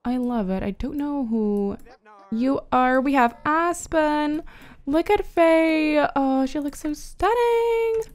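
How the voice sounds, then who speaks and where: Giggly high-voiced woman playing a game. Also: expressive, takes it slowly, a little mellow. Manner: chatty, giggly, talks to her characters. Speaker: gaming YouTuber. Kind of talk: casual let's-play commentary.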